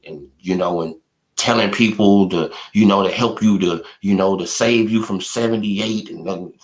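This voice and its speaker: A young man ranting in a casual live stream, trash-talking with lots of repetition and bursts of loud laughter. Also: deep voice. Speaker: boxing commentary streamer.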